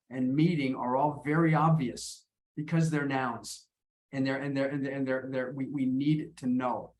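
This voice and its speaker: An American man teaching English in an online lesson, explaining in a halting way and often repeating words. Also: medium pitch, a little mellow.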